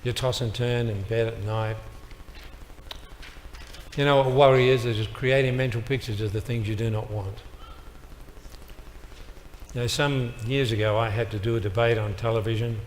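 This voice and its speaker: A man's voice: medium pitch, steady tone, moderate pace, pauses often. A man speaking to a live audience as a motivational speaker, telling stories with emphatic, punchy one-liners. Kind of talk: storytelling speech to an audience. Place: large hall with a live audience. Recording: reverberant hall with faint noise.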